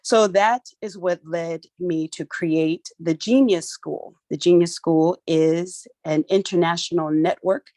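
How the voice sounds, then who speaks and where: A middle-aged woman from Philly with the to match, running an online workshop like a lively get-together. Her voice sits fairly low, and she keeps it playful and chatty with loose, colloquial phrasing. The sound is dry and close, coming through her phone on a video call. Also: slow pace, few pauses, dry recording. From Philadelphia, USA. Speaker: workshop host. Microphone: phone for audio on a video call.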